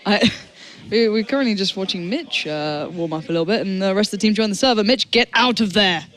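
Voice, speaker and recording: A British man with a noticeably high voice casts an esports match. He keeps up a teasing, jokey banter with the other casters. The talk is loose and casual. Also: expressive, a little fast, a bit bright. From Britain. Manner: joking, teasing.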